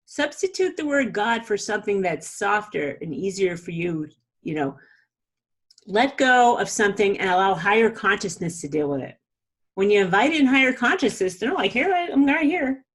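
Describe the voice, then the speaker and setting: A woman's voice: on the low side, breathy edge. A woman hosting a podcast, giving a casual, chatty spiritual talk with frequent laughs and fillers. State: a little weepy. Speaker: podcast host.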